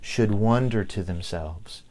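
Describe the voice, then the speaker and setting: A middle-aged man with a Southern US accent, preaching a sermon as pastor, slow and deliberate with emphatic pauses. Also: on the low side, a little mellow. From Southern United States.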